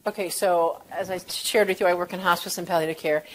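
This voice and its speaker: A woman who works in hospice and palliative care, giving a lively talk and acting out phone calls. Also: lowish voice, fast, slight background noise. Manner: animated, acts out phone calls with exaggerated voices. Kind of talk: lecture with storytelling.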